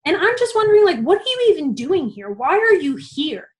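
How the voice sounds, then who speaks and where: An exasperated female supervisor tears into a student, her voice riding high and loud, as a woman acts her out. She repeats herself with indignant, scolding force. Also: animated, brisk.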